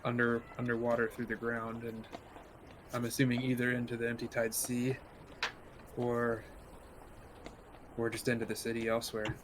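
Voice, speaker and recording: A man's voice: mid-range voice, monotone, moderate pace, pauses often, background noise. A man playing a tabletop game, reasoning aloud in character. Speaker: player. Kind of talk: in-character tabletop role-play.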